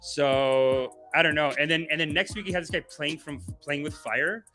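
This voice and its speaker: A man's voice: on the high side, moderate pace, pushed and bright, soft background music. A man hosting a livestream as a comedian, rambling through tangents, joking around and reading viewer comments aloud. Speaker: comedian and show host.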